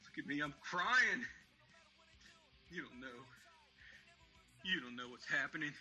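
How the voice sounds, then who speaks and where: A man's voice: a little high, animated, unhurried, sharp tone, lo-fi sound, faint music behind, heavily acted. A man playing a drunk, weeping aging male vigilante who rambles and stammers in a fan audio drama. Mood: grieving. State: crying.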